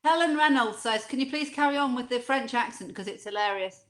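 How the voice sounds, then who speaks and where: Teasing high-voiced woman. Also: a little fast, fairly bright tone, reverberant. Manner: teasing, cheerful, reads out viewer comments. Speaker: co-host and quiz reader. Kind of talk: casual chat.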